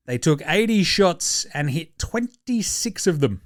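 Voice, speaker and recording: A young Australian man talking sport in loose, sweary banter, breaking into laughs. His voice sits a touch high for a man. The sound is dry and close, with no room around it. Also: animated, a little slow, a bit bright, no room sound. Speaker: podcast host. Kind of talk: casual sports commentary.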